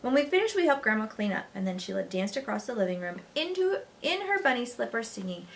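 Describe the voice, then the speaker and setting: Expressive woman reading a children's story. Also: a little high, fast, hardly any pauses. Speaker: teacher reading aloud. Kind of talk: reading a children's novel aloud.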